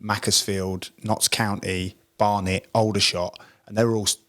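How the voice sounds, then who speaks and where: A man's voice: fairly low pitch, moderate pace. Man telling a story. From Essex, England. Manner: acts out quoted dialogue in lively voices. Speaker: podcast co-host, former pro footballer. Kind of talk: casual storytelling chat.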